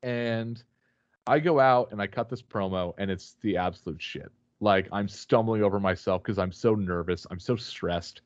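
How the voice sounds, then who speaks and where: A man's voice: lowish voice, moderate pace, no echo, dull audio. A man guest on a remote call, telling a rambling, swear-filled story with many fillers and restarts. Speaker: podcast guest, wrestler. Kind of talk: casual storytelling chat.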